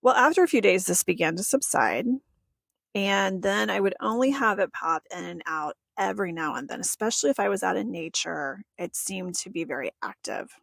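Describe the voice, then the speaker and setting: A woman recounts a personal experience as a podcast host, chatty and quick to laugh. Her voice has a gravelly fry to it. The sound is dry, with no room echo. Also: medium pitch, animated, a bit bright. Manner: chatty, often laughs and acts out quotes. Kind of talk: personal storytelling monologue.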